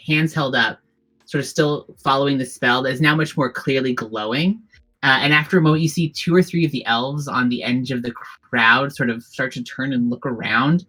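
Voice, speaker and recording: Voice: mid-range voice, sharp tone, poor audio. A game master narrating a tabletop game, rambling and full of fillers and restarts.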